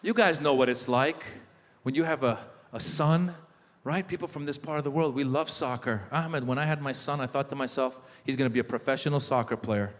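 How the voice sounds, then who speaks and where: A middle-aged man performing a stand-up comedy set, telling animated stories and shouting in character voices. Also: mid-range voice, brisk. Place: large live venue. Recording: live hall with long reverb.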